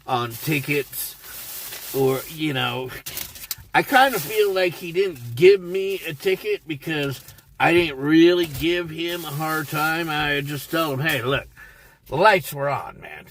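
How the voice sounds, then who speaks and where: A man's voice: on the high side, fairly bright tone, no room sound. A man telling a rambling, profane story on a casual livestream from inside his car. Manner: profane, rambling and irritated, heavy swearing. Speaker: livestream host.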